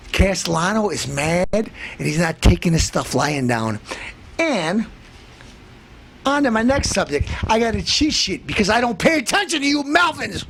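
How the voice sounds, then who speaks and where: A man hosting a comedy show, ranting in a boastful tough-guy manner, threatening to beat everyone up and breaking into shouts. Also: high-pitched, a little hiss or hum. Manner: bursts into shouting. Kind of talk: comic tough-guy rant.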